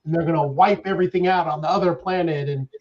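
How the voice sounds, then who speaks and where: A man's voice: on the high side, steady tone, quick pace, darkish tone. A man co-hosting a casual podcast, rambling earnestly through his opinions. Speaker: podcast co-host. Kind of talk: casual political chat. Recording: dull lo-fi sound with faint hiss.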